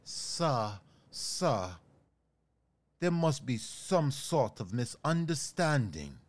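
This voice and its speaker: A slippery male restaurant salesman, as a man puts him on speaks in a put-on refined accent, soft and slow and far too courteous. His voice rises and falls a lot as he smooths things over. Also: medium pitch, very animated. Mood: smarmy polite. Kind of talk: comedy sketch.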